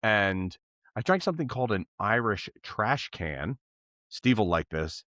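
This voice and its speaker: A man's voice: lowish voice, sing-song, a little slow, fairly bright tone, no echo. Podcast co-host, male, rambling storyteller, slightly dull dry sound. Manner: rambling, laughing anecdote teller. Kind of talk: casual storytelling chat.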